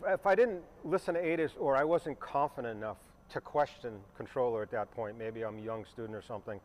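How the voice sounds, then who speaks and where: With a helicopter starting up close by, a pilot runs a live stream, talking conversationally and wandering off into fillers and asides for his viewers. He speaks at a medium pitch over a slight hiss or hum.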